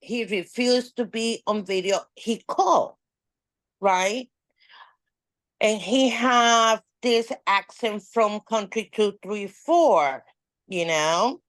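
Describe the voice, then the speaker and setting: A woman guest on a podcast, telling a story in a casual, animated way, with nonstandard English grammar. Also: medium pitch, slow, no room sound. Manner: animated, acts out quoted dialogue.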